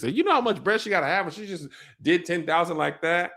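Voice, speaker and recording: A man hosting a comedic recap of a TV episode, telling the story in animated slang and putting on playful voices for the characters. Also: high voice, fast talker, hardly any pauses. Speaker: show recap host.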